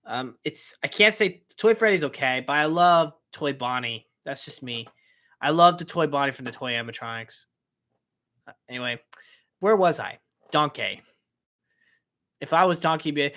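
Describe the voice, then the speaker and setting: A man's voice: a little high, expressive, moderate pace, pauses often, pushed and bright. A young man hosting a casual live-stream Q&A, answering chat questions in an upbeat, rambling way with many fillers and self-corrections.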